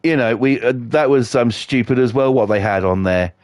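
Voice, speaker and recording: A man's voice: mid-range voice, normal speed, darkish tone, no echo, studio quality. A middle-aged British man ranting sarcastically, telling swear-filled everyday stories while streaming a game. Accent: British English. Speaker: livestreamer. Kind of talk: casual ranting chat.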